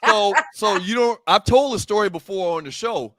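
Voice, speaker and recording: A man, hosting a casual talk show and telling lively stories in which he acts out the sounds. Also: sits high, normal speed, no room sound. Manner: animated storyteller, acts out sounds. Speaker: host.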